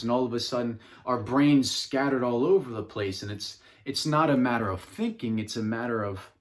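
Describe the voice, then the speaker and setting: Earnest man giving a home-office talk. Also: mid-range voice. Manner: earnest, repeats words and restarts often. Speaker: self-help vlogger. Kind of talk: casual motivational monologue. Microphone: phone camera.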